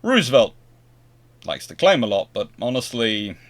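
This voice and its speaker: A British man hosting a casual history talk, animated, often restarting sentences and acting out dialogue. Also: mid-range voice, normal speed. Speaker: naval historian and host.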